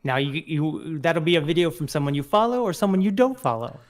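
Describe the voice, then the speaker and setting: A man co-hosting a casual podcast chat, animated and laughing often. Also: on the high side, brisk. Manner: animated, laughs often, slips into put-on voices. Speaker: podcast co-host.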